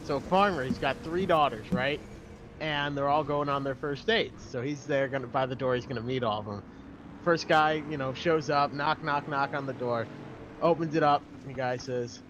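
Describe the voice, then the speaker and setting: A man's voice: mid-range voice, normal speed, a bit bright, a little hiss or hum. A young man in his twenties, a guest commentator, telling a joke and chatting in an upbeat, grateful way. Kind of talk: joke telling and casual chat.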